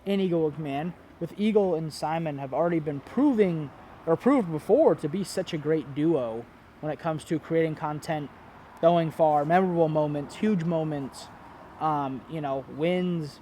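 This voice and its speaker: A man's voice: fairly high pitch, moderate pace, dark tone, slight background noise. A man talking casually to camera, giving his opinions in a rambling way, full of fillers and restarts. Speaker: disc golf commentator and brand owner.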